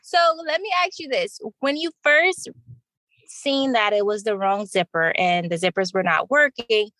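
A woman co-hosts a casual podcast and presses her partner with questions. Her voice is mid-pitched, and the recording is dry and close to the mic. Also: lively intonation, moderate pace, bright, forceful tone, dry recording. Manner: probing, asks follow-up questions. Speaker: podcast co-host, interviewer.

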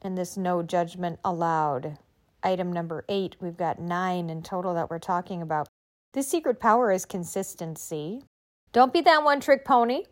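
A woman's voice: lowish voice, normal speed. Emphatic, encouraging woman giving a pep talk. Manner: emphatic, encouraging, with rhetorical questions. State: recovering from illness. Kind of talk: motivational talk.

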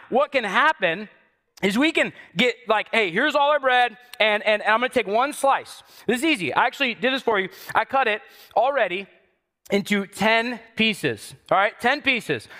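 A man's voice: very high voice, bright, forceful tone. A man preaching a sermon as pastor, talking conversationally with the congregation and building to emphatic repeated lines.

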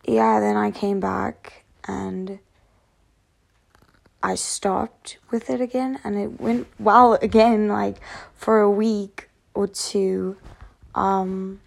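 A woman's voice: medium pitch, steady tone, slow pace, gravelly. A tired woman vlogging candidly to camera, rambling frankly and swearing often. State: tired from lack of sleep. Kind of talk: candid personal talk to camera.

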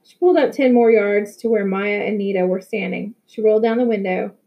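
A woman reading a novel aloud in a steady, plain storytelling manner. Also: medium pitch, a little fast, dull audio. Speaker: audiobook reader.

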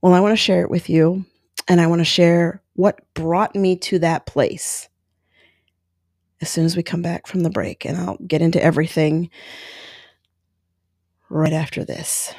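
A woman's voice: lowish voice, steady tone, a little slow, long pauses, darkish tone, dry recording. Woman in her 40s doing a podcast monologue, frank and emotional, dry close sound. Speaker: podcast host. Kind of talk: personal monologue.

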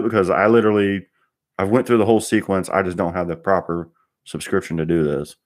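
A man's voice: low voice, fairly quick, a little mellow. A man, a car mechanic, ranting bluntly in a rambling monologue and swearing constantly.

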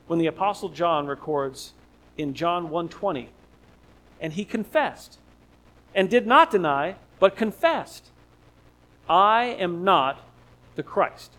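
A man's voice: high voice, animated, takes it slowly, long pauses, a bit bright, low-quality recording. A man preaching an expository sermon, emphatic and repeating key phrases for stress.

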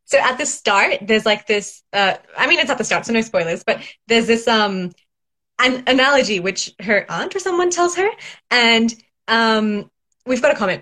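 A woman's voice: a little high, pushed and bright. Young woman podcast cohost, regular mid voice, asks pointed questions, lots of ums. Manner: conversational, asks probing questions, rambles with fillers. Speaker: podcast co-host. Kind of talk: casual chat.

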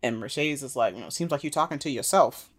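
A woman's voice: a bass voice, expressive, fast. A woman co-hosting a casual podcast, recapping a TV episode in laid-back slang and laughing often. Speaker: podcast co-host.

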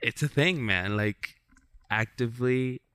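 A man's voice: medium pitch, a little slow, a bit bright, clean tone, no room sound. A man hosting a podcast, chatting in a laid-back, enthusiastic way with casual swearing. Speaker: podcast host. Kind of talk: casual chat.

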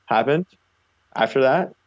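A man's voice: mid-range voice, lively intonation, unhurried. A young man from Canada telling stories as a guest in a casual interview, rambling and full of "like" fillers. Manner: rambling, heavy use of "like" fillers. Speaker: guest, long-distance charity cyclist. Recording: slightly muffled recording.

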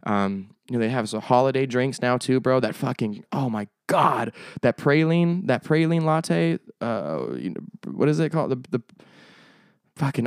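A man's voice: medium pitch, clear, resonant tone, dry recording, clean studio sound. A young man hosting his own podcast, chatting casually in a rambling, profane, joking way. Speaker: podcast host. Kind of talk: casual solo podcast chat.

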